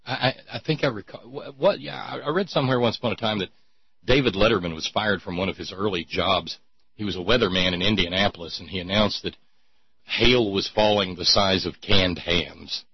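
A man's voice: sits low, brisk, breathy edge, dry recording, highs cut off. A man hosting a talk show, chatting in a rambling, sardonic way with many restarts. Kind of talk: casual call-in show banter.

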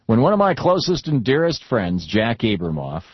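A man's voice: mid-range voice, sing-song, moderate pace, husky, dry recording, muffled recording. A middle-aged man hosting a talk radio show, lecturing in an indignant, sarcastic way.

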